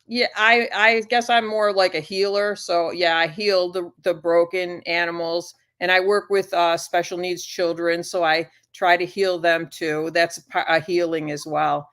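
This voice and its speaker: A woman speaking as a guest in a casual talk-show conversation. She talks gently and haltingly, and she calls herself a shy person. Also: fairly low pitch, fairly even intonation.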